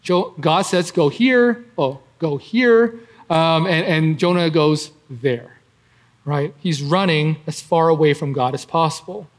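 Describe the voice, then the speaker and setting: Taking his time, a man with a voice on the high side works through a Bible passage in a conversational preaching style. He leans on fillers and tags like "right?" often.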